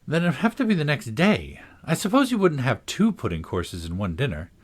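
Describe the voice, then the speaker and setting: A man's voice: mid-range voice, huge pitch swings, moderate pace, husky, pitched above the performer's own voice. A man reading a storybook, voicing a polite and curious young girl with a prim, questioning manner.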